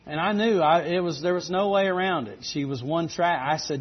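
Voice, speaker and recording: A man's voice: fairly high pitch, brisk, slightly rough. A middle-aged man preaching a sermon, telling a folksy story. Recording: dull lo-fi recording.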